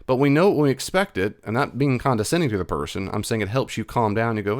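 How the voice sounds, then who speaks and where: A middle-aged Christian counselor with a Southern US accent answers an email with casual, reassuring advice. His medium-pitched voice is animated and quick, and his conversational manner is encouraging, with frequent repeats.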